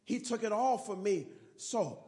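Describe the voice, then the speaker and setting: A man preaching a sermon, leading call-and-response and rising to shouts. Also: high voice, expressive, a little slow.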